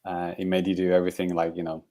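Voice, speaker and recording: A man with a low, dark and mellow voice chats casually as a podcast co-host. He rambles through his points with lots of fillers and little chuckles. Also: monotone, fast. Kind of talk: casual chat.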